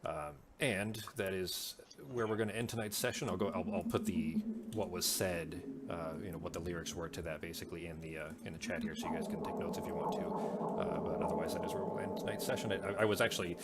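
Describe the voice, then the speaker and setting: Deep-voiced man narrating a tabletop game. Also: over a noisy crowd. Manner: halting, many fillers and restarts. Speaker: game master. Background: background music.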